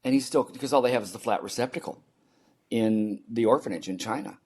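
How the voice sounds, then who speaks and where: A man's voice: mid-range voice, fairly quick, darkish tone, breathy edge. A man in his seventies, a podcast guest, earnestly telling a personal story and repeating key phrases for emphasis.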